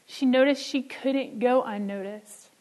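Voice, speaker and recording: A woman preaching a sermon in an earnest way, slowing down and dropping soft on key words. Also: sits high, low-quality recording.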